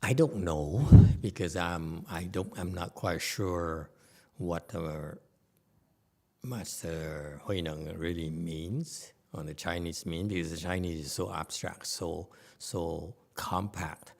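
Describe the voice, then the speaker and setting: A man's voice: deep voice, slow. A man giving a conversational Buddhist sutra lecture, often stopping to question his audience. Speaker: Buddhist teacher.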